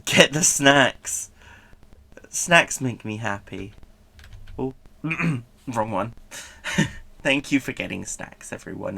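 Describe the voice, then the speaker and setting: Slow, bright-voiced playful man. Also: mid-range voice, animated, creaky, husky. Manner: playful, chatty, laughs often while answering chat. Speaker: streamer. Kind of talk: casual live-stream chat.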